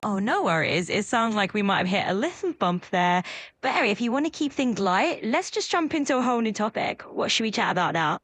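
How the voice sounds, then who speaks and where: British woman, AI assistant voice, mid pitch, upbeat and accommodating, smooth chatbot read. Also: sing-song, brisk, fairly bright tone, no echo. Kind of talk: chatbot conversation.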